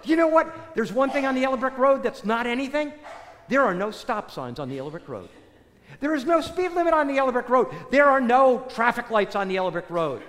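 An animated male preacher who keeps asking rhetorical questions and drums home phrases by repeating them. His voice is high for a man and swings widely in pitch. A long reverb trails through a large hall. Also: a little fast. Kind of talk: sermon.

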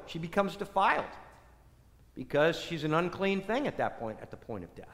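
High-voiced preacher in a reverberant hall. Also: male voice, a bit bright. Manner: storytelling with rhetorical questions. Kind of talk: sermon retelling a scripture story.

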